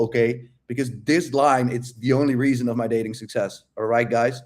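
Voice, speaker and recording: A man's voice: medium pitch, steady tone, moderate pace, few pauses, darkish tone. Brash, profane male dating coach. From outside the United States. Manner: brash, profane, laughs often. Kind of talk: casual livestream Q&A.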